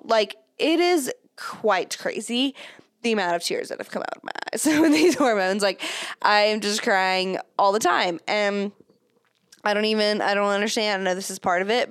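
A woman's voice: medium pitch, a bit bright, no echo. Brief: young pregnant woman, podcast host, candid rambling chat, dead dry room. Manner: chatty, candid, many fillers and laughs. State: pregnant, third trimester. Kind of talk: casual chat.

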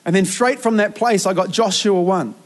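A man's voice: high-pitched, moderate pace. A middle-aged man, preaching a sermon as a youth pastor, earnest and emphatic with frequent restarts.

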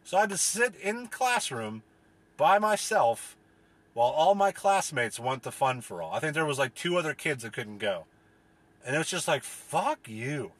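A man's voice: on the high side, big pitch swings, moderate pace, fairly bright tone. A man from the US delivering a profane, rambling, exasperated comedic rant as a solo podcast host.

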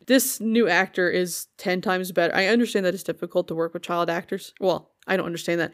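A woman's voice: on the low side, normal speed, hardly any pauses, no room sound, studio quality. Woman co-host acting out scenes. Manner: animated retelling of scenes, acting out the lines. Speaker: podcast co-host. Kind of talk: casual TV recap chat.

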